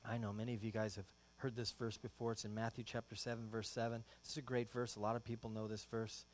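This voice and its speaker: A male pastor preaching a sermon, shifting into animated storytelling and acting out everyday exchanges with his kids. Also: lowish voice, fast talker. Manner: animated storytelling, acts out his kids' voices.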